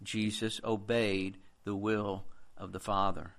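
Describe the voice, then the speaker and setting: A man's voice: mid-range voice, a little slow, fairly bright tone. A man preaching a sermon in an earnest, conversational way, quoting scripture as he goes.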